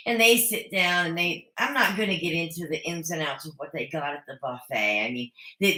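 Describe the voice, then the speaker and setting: A woman's voice: lowish voice, bright, forceful tone, reverberant. A woman recapping a reality show in a casual, chatty way, opinionated with sarcastic asides. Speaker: recap vlogger. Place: home.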